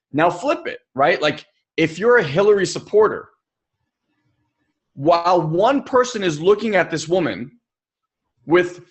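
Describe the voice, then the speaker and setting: A young adult man co-hosting a personal development podcast, telling stories in an animated way and acting out the people he quotes. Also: fairly high pitch. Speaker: podcast co-host.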